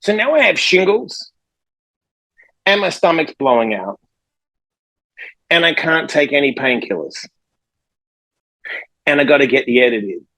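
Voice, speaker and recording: A man who is a life coach and author, telling a story in a podcast conversation with lively energy and acting out the people in it. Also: on the high side, measured pace, vocal fry, long pauses, no room sound, low-quality recording. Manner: energetic, acts out the people in his stories.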